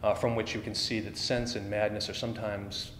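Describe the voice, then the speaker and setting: A man's voice: lowish voice, little pitch movement, a little fast, a bit bright, slight background noise. Echoey conversational male lecturer. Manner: conversational, frequent "right?" tag questions. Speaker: literature lecturer. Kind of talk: podcast lecture. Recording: echoey room with long reverb.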